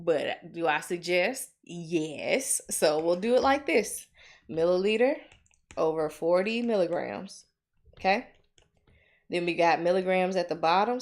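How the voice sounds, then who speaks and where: Chatty Southern woman tutoring nursing math. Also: lowish voice. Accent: Southern American. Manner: lively, chatty and encouraging, with checking "okay?" tags. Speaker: nursing dosage calculation tutor. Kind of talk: live tutoring walkthrough.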